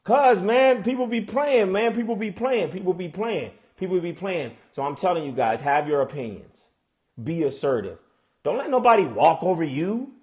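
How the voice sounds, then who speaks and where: A man with a notably high voice delivers a comic rant straight to camera. He talks in slang, hammers his points home and repeats lines for effect. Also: moderate pace, dull audio. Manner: emphatic, repeats lines for punch; slangy and animated. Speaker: vlogger.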